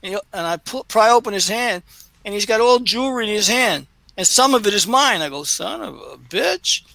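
A man's voice: high voice, expressive, fairly quick, sharp tone, no room sound, poor audio. A man co-hosting a casual chat show, telling a long rambling story with laughs and many fillers. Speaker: co-host.

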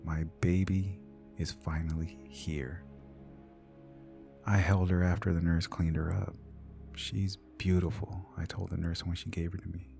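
A man narrating a scripted horror story in a hushed, half-whispered delivery. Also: low voice, level tone, normal speed, vocal fry, soft background music.

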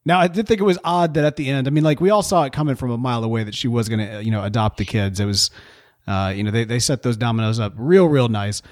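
A man co-hosting a podcast in casual chat, animated and jokey, often breaking into laughter. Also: medium pitch, quick pace, no echo, clean studio sound. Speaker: podcast co-host.

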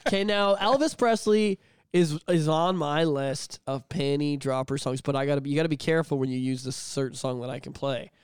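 Fast-talking man, joking. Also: fairly high pitch, smooth, dry recording, clean studio sound. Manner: rambling, profane, joking. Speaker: podcast co-host. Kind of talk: casual chat.

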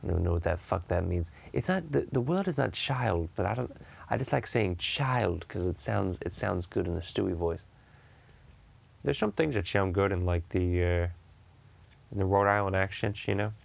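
A man's voice: low voice, lively intonation, normal speed, creaky. A man in his thirties hosting a podcast in casual chat, rambling with lots of restarts and free swearing. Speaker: podcast host.

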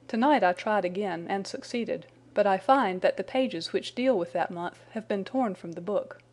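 A woman's voice: medium pitch, moderate pace, natural voice. Woman reading a nervous young man spilling his story, earnest and explaining, plain storybook read. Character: anxious young man confessing under arrest.

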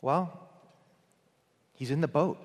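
A man preaching a morning sermon, earnest in tone, who builds up to emphatic peaks and then drops to a near hush. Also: fairly high pitch, slow, in a large hall. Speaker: pastor.

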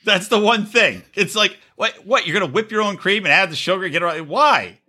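Husky-voiced man cracking profane jokes. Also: high-pitched, lively intonation, pushed and bright. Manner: profane, joking, quick asides. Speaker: podcast co-host. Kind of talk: casual chat.

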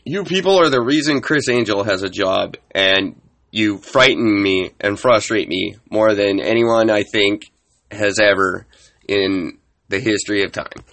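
A man hosting a comedic solo podcast rant, sarcastic and exasperated, with a husky voice. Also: fairly low pitch, a little slow, a bit bright. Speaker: podcast host.

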